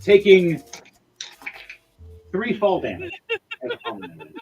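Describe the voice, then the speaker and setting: A man's voice: sits high, big pitch swings, measured pace, a little mellow, a little hiss or hum. A man narrating as game master, rambling with lots of restarts.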